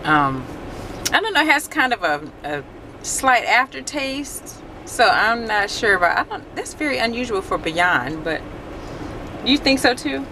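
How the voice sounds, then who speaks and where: A woman chatting casually on her vlog, reviewing food in a restaurant, animated and laughing often. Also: on the high side, unhurried, noisy background. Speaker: vlogger.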